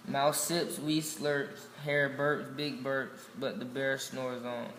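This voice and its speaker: Man reading a kids' picture book, slow, level delivery, echoey room with long reverb. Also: medium pitch, little pitch movement, fairly bright tone, a little hiss or hum. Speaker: storybook reader. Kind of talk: children's picture book read-aloud.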